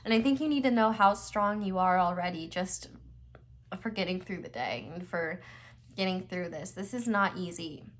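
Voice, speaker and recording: Young woman, slightly low voice, casual tarot reader; earnest, reassuring, rambling, stuffy nose, near tears. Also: normal speed. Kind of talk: casual pick-a-card tarot reading.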